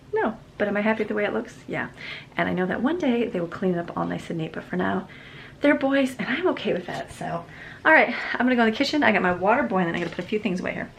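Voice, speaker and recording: Mom chatting while she walks around the house, bit of vocal fry, kitchen clatter and noise behind. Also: mid-range voice. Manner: chatty, talks to kids and dog while walking around. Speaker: vlogger, mother. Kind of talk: casual home vlog chat. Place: family home, kitchen and bedrooms.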